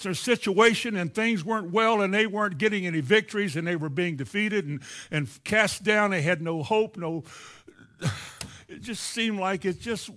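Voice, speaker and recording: A man's voice: sits high, pushed and bright. A man with a Kentucky accent preaching a sermon in a folksy, earnest way, acting out the voices he quotes.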